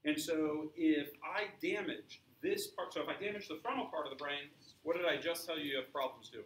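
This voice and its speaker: Male science teacher, slightly high voice, echoey classroom heard from a distance. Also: brisk, fairly bright tone, slight background noise. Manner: asks the class questions, explains with examples. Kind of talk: classroom lecture.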